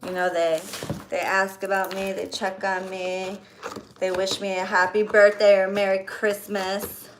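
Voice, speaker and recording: A woman's voice: mid-range voice, measured pace, poor audio. A woman who does readings for clients, chatting casually and gushing in a vlog as she unboxes gifts. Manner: chatty, gushing, squeals when excited. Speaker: spiritual reader for clients. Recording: crinkling packaging noise.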